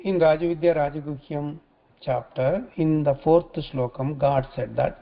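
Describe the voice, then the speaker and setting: A man teaching scripture in a religious talk, halting often and repeating phrases as he restarts. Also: fairly high pitch, vocal fry. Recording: dull lo-fi recording.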